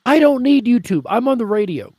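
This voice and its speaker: A man's voice: extremely high pitch, lively intonation, brisk, warm tone, dry recording. A man who hosts a radio show, guesting on a casual live-stream chat, blunt and profane as he rants.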